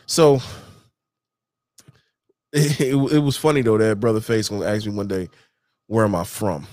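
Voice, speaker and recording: A man's voice: lowish voice, fairly even intonation, normal speed, a little mellow, dry recording. A man, talking casually to camera in slangy street talk and repeating "you know what I'm saying" again and again. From Detroit, USA. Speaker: vlogger.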